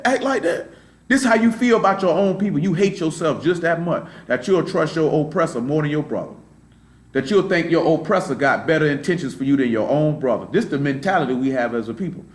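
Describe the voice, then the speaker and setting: A man preaching an informal sermon in loose street slang, telling stories and often checking in with "you know what I'm saying". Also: on the high side. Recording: roomy live-stream sound.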